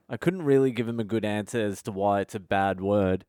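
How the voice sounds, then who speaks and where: A male comedian hosting his podcast, telling a funny story in a casual, animated way and swearing constantly. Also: lowish voice, a little fast, hardly any pauses, clean tone, no room sound, clean studio sound. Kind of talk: casual comic storytelling monologue.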